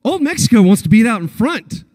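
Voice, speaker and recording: A man's voice: fairly quick, no room sound, clean studio sound, long reverb tail. A man in his thirties from Texas, telling a story on stage at a convention panel, acting out the quotes. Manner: animated storyteller, acts out quotes with big pitch jumps. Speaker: panel guest.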